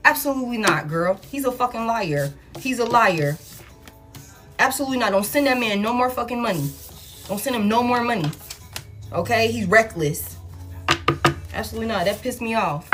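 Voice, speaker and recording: Blunt, emphatic high-voiced woman tarot reader. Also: animated, normal speed, pauses often, a bit bright. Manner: blunt, profane, emphatic, repeats herself. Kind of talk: live tarot reading. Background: faint background music.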